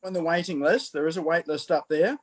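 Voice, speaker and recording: A man introduces himself over a video call in a casual, relaxed way. His voice sits a little high, and his speech is halting and full of fillers. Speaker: meetup participant.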